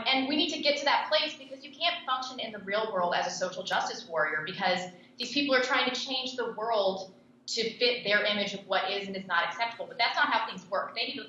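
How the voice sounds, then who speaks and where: Blunt young woman giving interview answers, bright sharp voice, echoey room with a bit of hiss. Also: medium pitch, lo-fi sound. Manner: blunt, scornful. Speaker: podcast host and interview guest. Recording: echoey room with faint noise.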